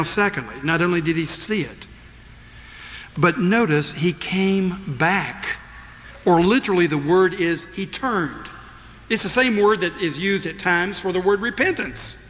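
A man preaching a sermon as pastor, animated, acting out the voices of his listeners. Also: a little high, a little slow, long reverb tail, slight background noise.

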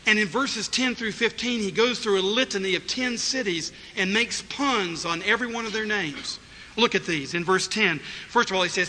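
A man's voice: high voice, expressive, normal speed, sharp tone. A man preaching an expository sermon, emphatic and acting out the voices he quotes. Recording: reverberant hall, faint noise.

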